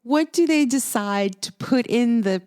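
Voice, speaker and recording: A playful woman co-hosting a podcast, quick to laugh. Her voice sits high, and she talks at an unhurried pace. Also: expressive, a little mellow, clear, resonant tone. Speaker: podcast co-host. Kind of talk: casual chat.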